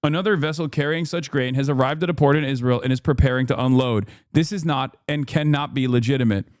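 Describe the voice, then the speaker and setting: A man streaming casual political commentary, ranting in a profane, animated way with sarcastic asides. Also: medium pitch, quick pace, no echo, studio quality.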